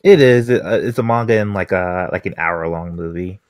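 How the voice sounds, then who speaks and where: A man co-hosting a podcast, rambling excitedly about a movie and saying "like" constantly. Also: low voice, brisk, no room sound, clean studio sound. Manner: rambling, heavy use of "like", excited. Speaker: podcast co-host. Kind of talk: casual chat.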